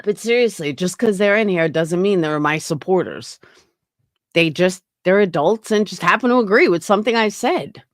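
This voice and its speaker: A woman's voice: on the low side, normal speed, no room sound, clean studio sound. A woman hosting a casual livestream, talking bluntly with frequent swearing and answering her chat. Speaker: livestream host.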